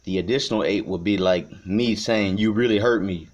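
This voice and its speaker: A man from Chicago talking to the camera in an unscripted vlog. He rambles and swears, swinging between shouting and quiet reflection. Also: on the low side, normal speed. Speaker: vlogger. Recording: dull lo-fi recording.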